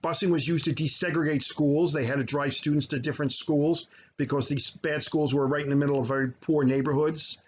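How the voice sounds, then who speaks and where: A man teaching high school history over slides, explaining at length with frequent fillers and self-corrections. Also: fairly even intonation, fairly quick, lo-fi sound, a little hiss or hum. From United States. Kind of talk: recorded slideshow lecture.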